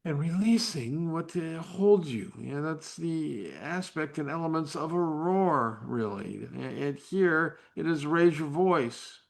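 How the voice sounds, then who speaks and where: A man's voice: fairly high pitch, expressive, slow pace, vocal fry, few pauses. A man hosting a live faith-based talk, speaking in an unpolished way with many restarts and fillers, sometimes dropping to a whisper. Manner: drops to a whisper at times. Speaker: host.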